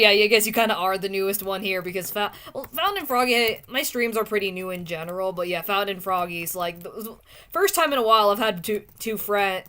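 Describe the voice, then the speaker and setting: A young woman streamer chatting casually with viewers while drawing, often trailing off into soft muttering to herself as she works. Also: lowish voice. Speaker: streamer drawing art requests.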